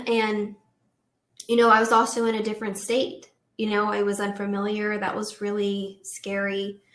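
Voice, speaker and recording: A woman in her twenties telling a story in a casual chat, animated and full of "like"s and laughs. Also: mid-range voice, normal speed, echoey room. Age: 20s. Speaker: guest, host's daughter.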